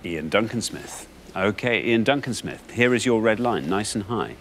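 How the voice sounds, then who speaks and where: A man's voice: on the low side, lively intonation, unhurried, fairly bright tone, slight background noise. A man hosting a TV quiz show in a studio, genial and jokey as he talks to the contestants.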